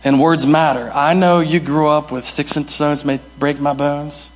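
A man's voice: on the high side, flat delivery, measured pace. A young male pastor preaching a sermon, emphatic and repeating his key phrases. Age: young adult. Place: church hall.

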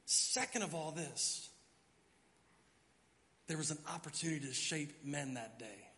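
A middle-aged man preaching from the pulpit, telling a story with lively acted-out moments. His voice is fairly high and forceful. The sound rings with the long reverb of a church hall. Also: measured pace. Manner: animated storyteller, acts out his own panicked thoughts. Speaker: pastor. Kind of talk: sermon storytelling. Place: church sanctuary.

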